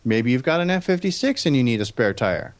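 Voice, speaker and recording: A man at a middle pitch hosting a casual car podcast. He thanks guests and reads sponsor plugs with an upbeat push. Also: big pitch swings, fairly quick. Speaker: podcast host. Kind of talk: casual chat.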